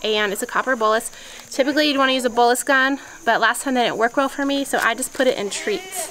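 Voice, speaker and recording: A fairly high-voiced woman explains farm chores in a practical, step-by-step way. She records outdoors among her animals. Insects and farm sounds hum clearly behind her. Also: fast talker, a bit bright, low-quality recording. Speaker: homesteading vlogger. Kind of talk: casual how-to explanation.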